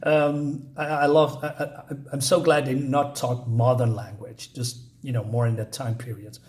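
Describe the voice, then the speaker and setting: A man giving a casual comic book review, talking in a halting, chatty way with many fillers and restarts while recapping the pages. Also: medium pitch, level tone, darkish tone.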